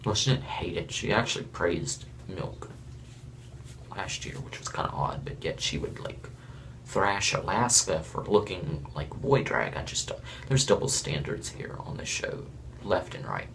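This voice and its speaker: A man from Florida talks through a reality show episode in a loose, opinionated way, drifting between points and chuckling at his own asides. His voice sits low and carries a gravelly rasp. A faint hiss of noise runs under the recording. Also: expressive, unhurried, a bit bright. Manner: blunt, rambling, chuckling asides. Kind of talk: casual opinionated review.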